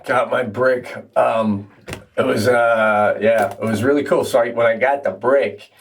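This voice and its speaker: A man co-hosts a casual podcast, spinning long stories with a loose, profane, laughing delivery. His voice climbs sharply when he gets excited, and he sits a little back from the mic, so he sounds slightly distant. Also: unhurried, slight background noise. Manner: animated, swears and laughs while telling stories, pitch jumps up when excited. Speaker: podcast co-host. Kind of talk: casual storytelling chat.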